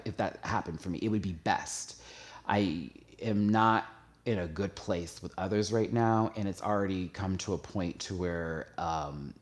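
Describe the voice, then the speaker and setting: Host, male, low voice, candid confessional talk that swells with emotion. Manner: emotional, confessional, hesitant with restarts; gets louder and higher when stirred. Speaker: YouTube show host. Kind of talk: candid personal talk to viewers.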